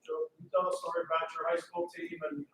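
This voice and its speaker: A man's voice: high voice, very animated, quick pace, gravelly, fairly bright tone, slight background noise. A man in the audience asking the speaker a prompting question from the floor. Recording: echoey hall, far from mic.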